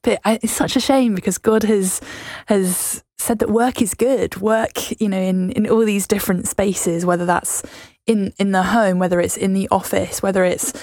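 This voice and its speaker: A woman's voice: mid-range voice, fairly even intonation, moderate pace, no room sound. Woman radio host, mid voice, dry studio sound, conversational interviewer. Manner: conversational, with many restarts and soft fillers.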